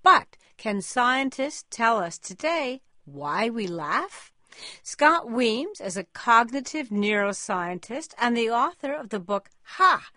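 A woman hosting a public radio interview, asking playful, lively questions. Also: on the high side, dry recording, studio quality.

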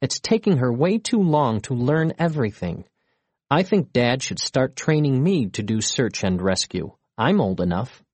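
A man narrates a children's storybook in an expressive, measured way. His voice is a little husky and moves lively up and down, recorded close with no room sound. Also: mid-range voice, no echo.

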